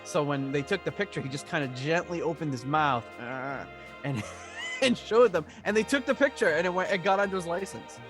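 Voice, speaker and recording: A man's voice: fairly high pitch, animated, a little fast, music in the background. A man co-hosting a podcast in easygoing chat, rambling with many restarts. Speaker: podcast co-host.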